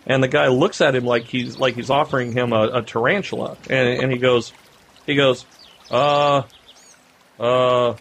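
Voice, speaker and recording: A man co-hosting a podcast, telling a long anecdote in casual chat and getting animated as the story builds. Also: brisk, gravelly, breathy edge. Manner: animated storyteller, rising pitch when excited. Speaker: podcast co-host.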